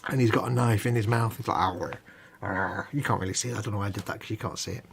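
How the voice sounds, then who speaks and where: A man's voice: fairly low pitch, fairly even intonation, very fast, gravelly, slight background noise. A man co-hosting a live hobby stream, explaining at length in a rambling, casual way with hedges and restarts. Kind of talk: casual chat.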